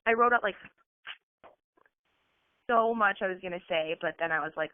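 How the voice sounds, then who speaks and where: A woman giving an earnest motivational talk on a team call, chatty and full of "like". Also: mid-range voice. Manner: earnest, fast, peppered with "like". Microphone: phone on a conference call. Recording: tinny phone line, dry.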